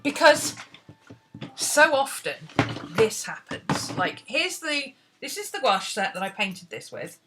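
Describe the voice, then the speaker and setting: A woman's voice: medium pitch, big pitch swings, unhurried, noisy background. A British woman teaching painting in a casual, rambling tutorial, chatting and talking to herself as she works. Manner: chatty, rambling, talks to herself while searching. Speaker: art teacher.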